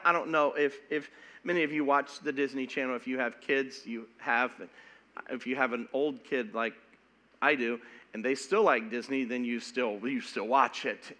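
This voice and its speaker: A middle-aged pastor preaching a sermon in an animated, emphatic way, often stumbling and repeating words as he goes. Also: mid-range voice.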